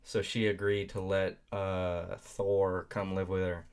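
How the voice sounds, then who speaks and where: A man hosting a live stream, reacting to a video in blunt, profane casual talk with sudden loud outbursts. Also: low voice, flat delivery, takes it slowly, clean tone. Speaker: stream host.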